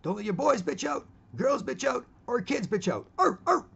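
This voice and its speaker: A man's voice: very high-pitched, big pitch swings, moderate pace, vocal fry, fairly bright tone, husky, lo-fi sound, pitched above the performer's own voice, full character voice. A man imitating a rowdy male rapper, chanting lines in an emphatic rap delivery. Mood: aggressive.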